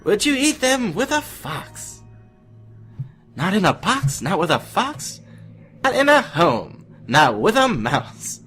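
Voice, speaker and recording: A man putting on a high, loud and excitable voice for a goofy friend character reading a rhyme. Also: slow, breathy edge, soft background music, heavily acted. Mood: excited.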